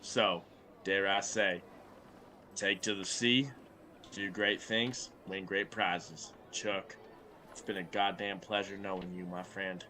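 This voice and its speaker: A man's voice: low voice, fairly even intonation, takes it slowly, bright, forceful tone, slight background noise, full character voice. Man playing a pompous drawling governor. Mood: grandiose. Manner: drawling, grand and folksy. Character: pompous drawling male governor, tabletop character.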